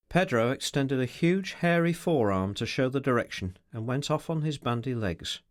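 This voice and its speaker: Expressive male audiobook narrator. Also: medium pitch, moderate pace, few pauses, dry recording, studio quality. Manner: expressive storytelling reading. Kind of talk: scripted narration.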